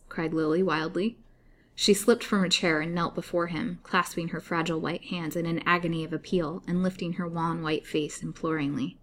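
A woman reading a Victorian serial aloud as storyteller, measured and melancholy. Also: fairly low pitch, fairly even intonation. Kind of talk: audiobook narration.

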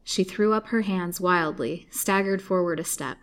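A woman storyteller reading an old serialized novel aloud in a measured, dramatic way. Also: lowish voice. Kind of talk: scripted narration of a serialized novel.

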